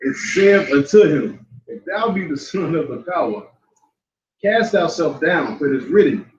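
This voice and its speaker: Man slowly reading old scripture. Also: a little high, animated. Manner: slow, careful reading of old-style scripture. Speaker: scripture reader. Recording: dull, roomy sound.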